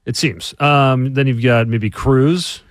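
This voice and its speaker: A man's voice: mid-range voice, slow pace, dry recording, studio quality. A man co-hosting a radio talk show, musing and agreeing in casual political chat.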